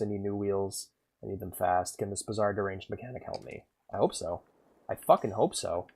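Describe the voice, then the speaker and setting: A man streaming a video game, commentating casually and excitably, swearing often and reading game text aloud. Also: lowish voice, brisk.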